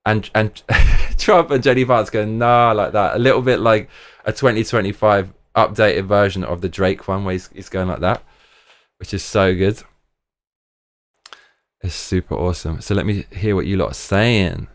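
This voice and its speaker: Rambling man with a low voice. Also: moderate pace. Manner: rambling and excitable, trails off into mumbles. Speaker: livestream host. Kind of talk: casual live-stream chat.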